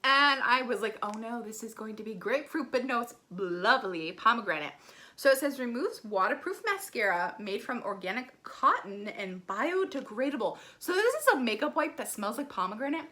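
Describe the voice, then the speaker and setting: A woman's voice: on the high side, big pitch swings, normal speed, pushed and bright. Gushing, bubbly young woman unboxing. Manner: gushing, gasps often, lots of "like" and "oh my gosh". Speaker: beauty vlogger. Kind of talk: excited unboxing vlog. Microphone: ring light setup, desk camera.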